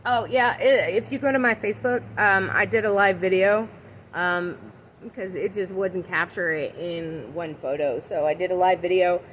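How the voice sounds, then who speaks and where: A woman's voice: fairly low pitch, normal speed, a bit bright, slight background noise, low-quality recording. A woman giving a casual tarot and oracle card reading on a livestream from outside her house. She chats and rambles and talks to her viewers by name.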